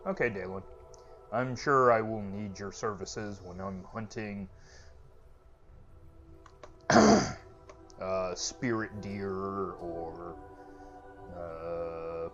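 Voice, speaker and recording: Brief: let's-play host, lowish man, dull lo-fi mic with game music. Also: fairly even intonation, drawn-out words, pauses often, a bit bright. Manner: chatty, joking asides. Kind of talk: casual game commentary.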